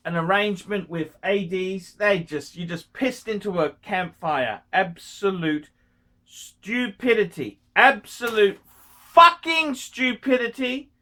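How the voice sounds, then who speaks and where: A man bluntly answering viewer questions, scolding and swearing, often clearing his throat. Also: sits high, bright, forceful tone. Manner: profane, scolding, ranting; frequent throat clearing and coughs. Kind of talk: blunt advice monologue.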